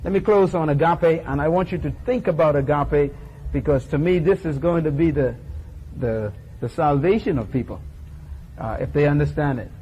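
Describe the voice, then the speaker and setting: Animated man preaching with humor. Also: on the high side, normal speed, highs cut off, a little hiss or hum. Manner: lively, humorous, acts out little scenes. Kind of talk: sermon.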